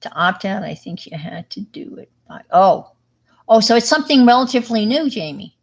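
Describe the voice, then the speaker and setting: Animated and creaky, this medium-pitched voice moves at a moderate pace. It belongs to a middle-aged New York livestream host who rambles casually to her viewers, full of fillers and restarts.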